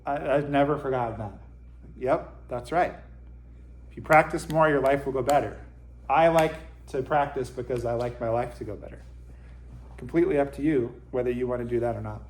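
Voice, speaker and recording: A man's voice: mid-range voice, brisk, a little mellow. A man giving an informal Zen Dharma talk to his group, conversational with dry self-deprecating humor. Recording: roomy echo.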